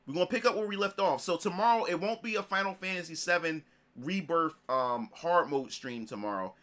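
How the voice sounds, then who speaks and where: A man in his thirties, a gaming streamer, reminiscing in casual commentary, excitable and repetitive, swearing and restarting his sentences. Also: a little high, brisk.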